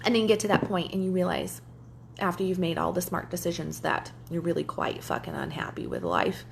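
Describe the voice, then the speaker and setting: A woman's voice: lowish voice, sing-song, a little fast, creaky, slight background noise. A woman life coach talking casually to her viewers, candid and chatty, sometimes swearing and acting out what others said. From German heritage. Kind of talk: casual livestream talk to viewers.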